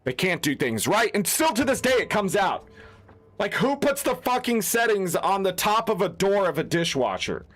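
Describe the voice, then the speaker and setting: A man's voice: high voice, very animated, moderate pace, fairly bright tone. A man who streams games, ranting in an unscripted, heated, profane way. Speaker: gaming streamer. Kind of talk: unscripted rant.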